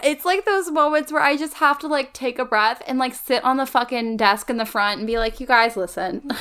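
High, smooth-voiced giggly woman. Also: brisk, hardly any pauses, fairly bright tone. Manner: giggly, casual swearing, lots of "like". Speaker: podcast co-host, former teacher. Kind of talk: casual chat.

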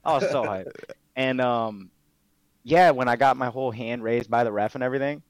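A young adult man with a mid-range voice talks a little fast, telling stories as a guest in a casual interview; he's an MMA fighter and streamer. He's laid-back, swears freely and uses plenty of fillers. The recording is dry, dull and lo-fi.

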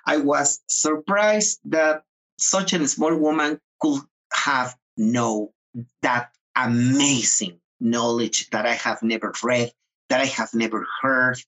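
A man from the Mayan highlands, an author being interviewed, speaking earnestly with frequent restarts and repeated words. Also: fairly even intonation, fairly bright tone, poor audio. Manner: earnest, halting, with many restarts. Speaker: author and guest. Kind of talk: interview conversation.

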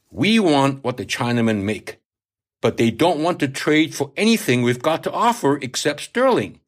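A man's voice: fairly high pitch, voice pushed up. A man reading aloud, voicing a crude, hard-drinking older male sea captain who swears and lectures. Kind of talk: audiobook reading.

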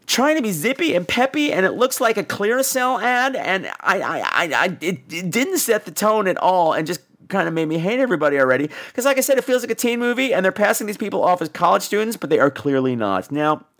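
A man hosting a casual comedic horror film review, sarcastic and profane, acting out the scenes. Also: on the high side. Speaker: podcast host reviewing horror films.

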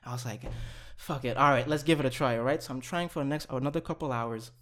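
A young man casually telling a long story on a podcast, animated, swearing and laughing as he goes. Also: medium pitch, fast.

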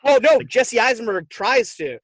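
A man's voice: very high voice, moderate pace, crowd noise. A man co-hosting a podcast, casually and animatedly retelling a movie plot and swearing freely. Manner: animated, profane storytelling. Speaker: podcast co-host.

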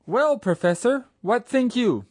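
A man's voice: very high voice, a little slow, no echo, clean studio sound, pitched above the performer's own voice. Man doing Captain Nemo, cool and ironic. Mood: commanding. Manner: ironic, calm and commanding. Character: proud daring male submarine captain, ironic and cool. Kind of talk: audiobook character reading.

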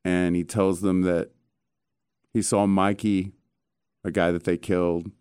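A man hosting a casual chat, telling stories in an animated way with casual swearing. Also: low-pitched, unhurried, pauses often, smooth, no room sound, studio quality.

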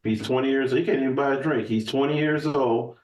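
A man's voice: mid-range voice, fairly quick, darkish tone, slight background noise. Emphatic man in an echoey room. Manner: emphatic, profane, rambling with restarts. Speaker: podcast guest. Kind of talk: casual chat. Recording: echoey room, voice from far off the mic.

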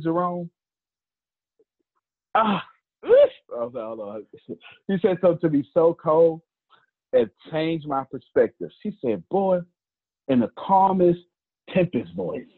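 A man's voice: high-pitched, lively intonation, measured pace, long pauses, husky. A man, a motivational speaker telling personal stories in a joking, conversational way with preacher-like asides. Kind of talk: casual storytelling talk. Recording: phone-like lo-fi line.

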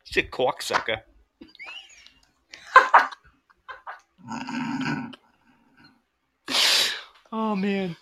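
A man with a raised, bright, forceful voice that swings widely in pitch as he trades profane jokes with a friend. He laughs often and keeps the banter rowdy and crude. It sounds like a loose streaming session between two buddies. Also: sing-song, drawn-out words, long pauses.

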